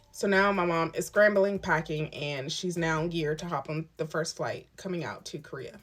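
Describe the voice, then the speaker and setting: A young woman recounts her own story straight to camera, candid and emphatic. Her voice sits a little low, and she slips into the quoted words of the people in her story. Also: normal speed, a bit bright, soft background music. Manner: emphatic and candid, retelling events with quoted dialogue. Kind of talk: storytime vlog.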